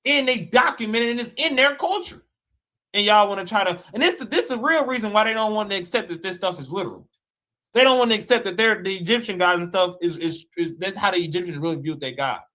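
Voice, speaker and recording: A man's voice: sits high, fast, sharp tone. A man in a heated livestream rant, mocking and challenging, repeating his dares. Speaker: live stream guest debater. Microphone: live stream call mic.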